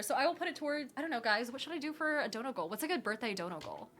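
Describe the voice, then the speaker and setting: A woman hosting a live question-and-answer stream, talking very fast in casual, rambling chat with lots of fillers. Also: fairly high pitch, lively intonation, fairly bright tone. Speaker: livestream host answering tabletop game questions.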